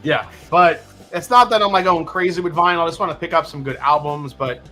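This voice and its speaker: A middle-aged man hosts a relaxed live stream, his voice bright and forceful and pitched a little high. He jokes and swears freely as he chats. Faint music plays under the talk. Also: fairly quick. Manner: animated, joking, swears casually. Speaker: livestream host. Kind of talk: casual live-stream chat.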